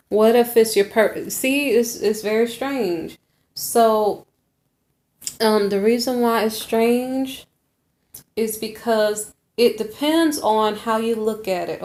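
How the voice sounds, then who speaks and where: A woman's voice: medium pitch, darkish tone. Chatty woman doing a tarot reading. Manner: chatty, thinking aloud, acts out girl talk. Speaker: tarot reader. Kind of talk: casual tarot reading monologue.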